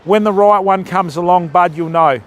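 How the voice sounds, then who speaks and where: A man's voice: high-pitched, normal speed. An Australian man hosting a live fishing stream outdoors, chatting and joking with his viewers while he casts. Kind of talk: casual live-stream chat.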